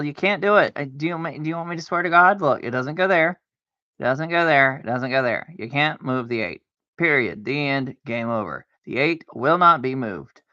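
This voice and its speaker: A man's voice: fairly high pitch, bright, forceful tone, no room sound. A man streaming a solitaire game, talking to himself in casual commentary and arguing with himself, with mock-scared outbursts. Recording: dull lo-fi dry sound.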